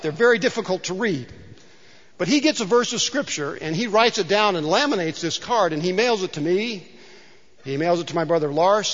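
A man's voice: high voice, a bit bright. A middle-aged man preaching a sermon in a church, conversational and joking, with frequent restarts. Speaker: pastor. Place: church sanctuary. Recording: dull sound in a large reverberant hall.

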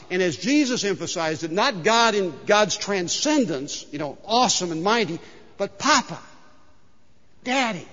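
Animated man preaching in an echoing hall. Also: high-pitched. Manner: animated, conversational, engages congregation. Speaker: pastor. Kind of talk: sermon. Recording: dull recording with long hall reverb.

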